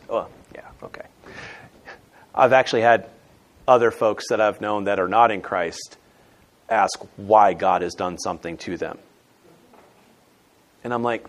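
A man preaching a sermon as pastor, emphatic, moving between loud stressed words and quiet asides. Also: fairly low pitch, moderate pace, long pauses.

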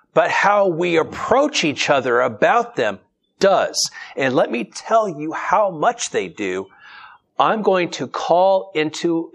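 A man's voice: fairly high pitch, a bit bright. Conversational man preaching a sermon. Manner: conversational and humorous, reads scripture then explains it.

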